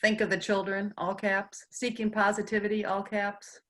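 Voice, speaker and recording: A woman's voice: medium pitch, little pitch movement, moderate pace, fairly bright tone. A woman co-hosting an online session, reading out a list of words from the chat.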